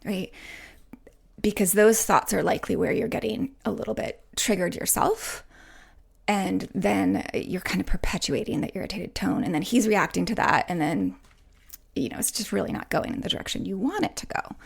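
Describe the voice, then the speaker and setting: A woman podcast host and relationship coach answering listener questions, speaking softly and reassuringly, often dropping to a whisper and checking in with "right?". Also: medium pitch, moderate pace, gravelly, husky. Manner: soft, gentle, often drops to a whisper.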